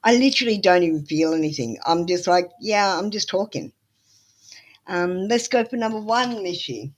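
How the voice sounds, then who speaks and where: Woman, tarot reader, live-stream reading, flat matter-of-fact tone, blunt, scolding. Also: on the low side, brisk, slight background noise.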